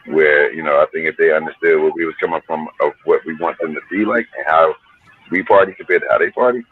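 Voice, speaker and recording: A man's voice: extremely low pitch, steady tone, fast talker, husky. Middle-aged man, hip hop guest, laid-back profane storyteller, narrow phone-like audio. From New Jersey. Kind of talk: casual storytelling interview.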